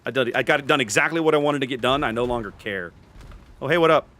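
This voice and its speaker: A man's voice: medium pitch, fast talker, sharp tone. A man streaming a game, chatting casually with his viewers in a rambling, self-interrupting way. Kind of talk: casual gameplay commentary with chat.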